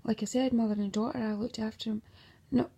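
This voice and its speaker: Speaking fast in a steady tone, this woman has a fairly high, gravelly voice with a breathy edge. Her monologue about her own life wanders, laced with profanity, "right?" tags, darkly humorous turns and bursts of laughter.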